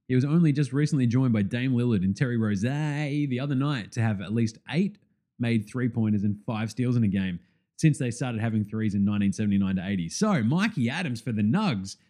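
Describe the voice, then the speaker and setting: Excitable, swearing Australian sports host. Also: male voice, medium pitch. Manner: excitable, swears freely, laughs often. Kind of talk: casual sports commentary.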